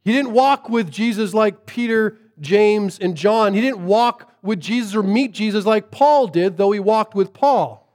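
A man preaching a sermon as a pastor, shifting from lively storytelling to hushed, earnest emphasis. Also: high voice, measured pace, few pauses.

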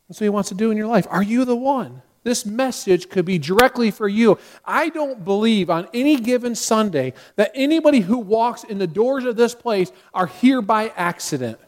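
A man's voice: high-pitched, moderate pace, hardly any pauses. A male pastor preaching a Sunday sermon, asking the congregation direct questions and closing in prayer. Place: church sanctuary. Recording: long hall reverb.

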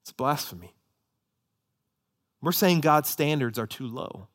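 An impassioned man preaching a sermon in a slightly high voice. He climbs to loud, emphatic peaks and then drops to low, hushed asides. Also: expressive, measured pace. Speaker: pastor.

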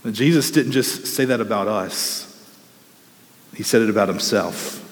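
A man's voice: on the low side, measured pace, long reverb tail. A man preaching a sermon, working through rhetorical questions with fervent, impassioned delivery. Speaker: pastor.

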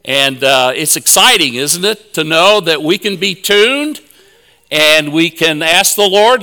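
A man's voice: a little high, lively intonation, a little slow, sharp tone, big-room sound. A man giving a sermon at a conference, telling folksy personal stories with chuckles. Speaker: conference speaker.

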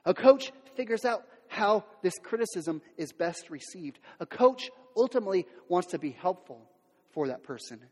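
This sermon comes from a male pastor whose high-pitched voice has a breathy edge and lively intonation, delivered at a moderate pace. He speaks frankly and casually, with many fillers and false starts, acting out quotes from everyday people. Long hall reverb colors the recording.

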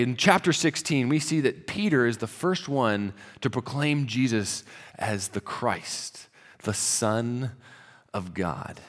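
A male pastor delivers a sermon in a relaxed, storytelling way, sinking to a soft, low voice at solemn points. His voice sits at a middle pitch. It carries a long reverb, as if filling a large sanctuary.

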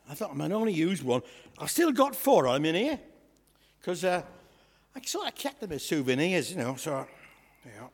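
A man playing a boastful, comic young shepherd lad, chatting and joking with a church congregation in a raspy voice. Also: fairly high pitch, sing-song, normal speed, long pauses, exaggerated voice. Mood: cheeky. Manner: chatty, jokey, asides to the congregation. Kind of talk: comic storytelling sketch in church. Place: church hall. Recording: echoey church hall.

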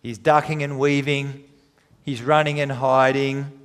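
A man preaching a sermon, retelling scripture dramatically with emphatic pauses. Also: medium pitch, level tone, fairly bright tone, smooth. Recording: long hall reverb.

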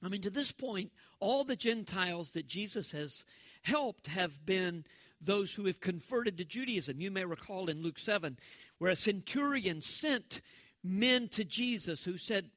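A male pastor, preaching a sermon in a conversational, animated way and acting out the voices he quotes. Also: sits high, measured pace, dry recording.

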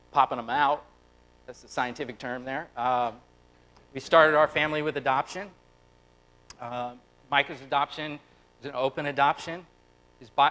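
A man in his thirties preaching a lively, conversational sermon, acting out quotes and turning quiet and tender at personal moments. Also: on the high side, poor audio. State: close to tears. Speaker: pastor.

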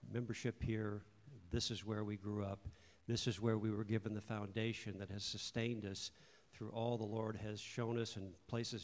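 An older man giving an earnest, measured testimony of thanks in a church service. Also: fairly low pitch, a little mellow. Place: church sanctuary. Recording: long church hall reverb.

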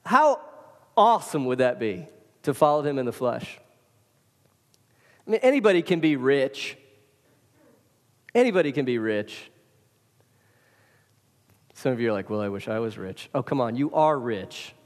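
A man's voice: medium pitch, expressive, normal speed, long pauses. A man preaching a sermon as pastor, casual and emphatic, speaking straight to his congregation. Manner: casual, emphatic preaching with direct address to listeners. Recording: hall reverb.

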